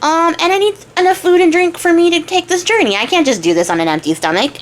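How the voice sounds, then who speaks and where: A woman's voice: very high-pitched, lively intonation, fast, voice pushed up. A woman voicing a hapless young male archer who talks in casual, sarcastic modern slang.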